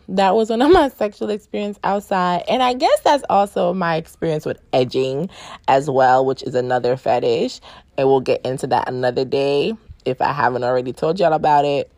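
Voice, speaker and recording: A woman's voice: fairly low pitch, darkish tone, no echo. Woman podcaster telling stories, cusses a lot, laughs a bunch, dry close mic. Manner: frank and profane, laughs often, says "right?" and "y'all". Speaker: podcast host and sex coach. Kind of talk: casual storytelling monologue.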